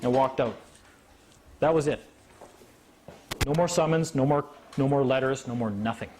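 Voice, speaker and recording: Performing before a live crowd, a man spins an animated tale and voices each character himself. His mid-range voice keeps a normal pace, with a little hiss or hum in the recording.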